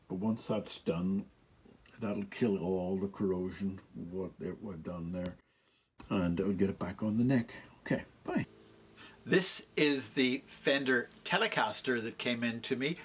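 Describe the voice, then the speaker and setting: A man working as a luthier, casually walking through a guitar repair in an easygoing, rambling way with frequent pauses. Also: lowish voice, husky. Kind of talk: casual workshop walkthrough. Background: electric guitar playing.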